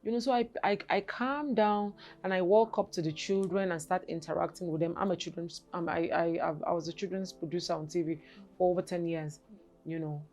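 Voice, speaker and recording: A woman in her forties, a guest telling her personal story in an interview, halting and repeating words, then turning animated. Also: fairly low pitch.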